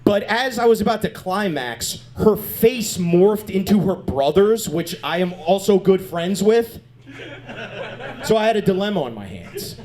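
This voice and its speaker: A man doing stand-up comedy on a club stage, animated and crude, chatting with the crowd. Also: high voice, measured pace.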